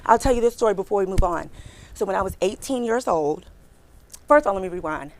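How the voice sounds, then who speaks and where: A middle-aged woman recruiter giving a lively career workshop, talking fast and chatty and asking her audience questions. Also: medium pitch, noisy background.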